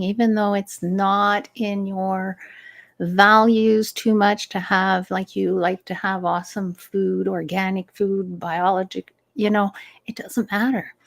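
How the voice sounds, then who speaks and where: Giving a live advice talk as a stress management coach, a middle-aged woman sounds gentle and unhurried and laughs easily. Her pitch is medium and her voice creaky.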